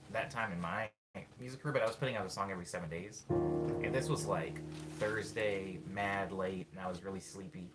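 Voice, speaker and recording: A man, a musician, chatting casually with his stream viewers and rambling as he thinks aloud with lots of fillers. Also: low-pitched. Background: loud guitar playing.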